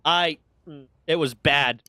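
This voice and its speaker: A man streaming a game, chatting casually and telling an animated story with a lot of swearing. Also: a little high, slow, dry recording. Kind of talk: casual gaming chat.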